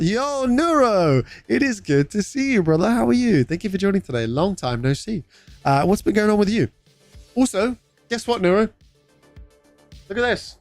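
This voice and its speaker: A man's voice: a little high, dry recording. A young British man streaming live, chatting casually, greeting viewers by name and swearing freely. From United Kingdom.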